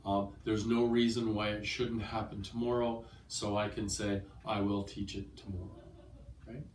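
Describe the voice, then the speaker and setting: A man's voice: on the low side, level tone, normal speed, slight background noise. Man with a cold teaching in a roomy space. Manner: patient, repeats "okay?" to check understanding. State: has a cold. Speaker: English test prep teacher. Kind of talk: explanatory teaching monologue. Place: language school. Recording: roomy, from a distance.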